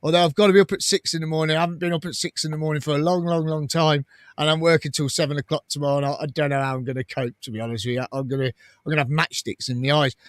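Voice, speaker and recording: Man, fairly high voice, chatty host, reads comments aloud, laughs often, dry close sound. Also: steady tone, racing, no room sound. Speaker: fan channel host. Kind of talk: casual live-stream chat reading comments.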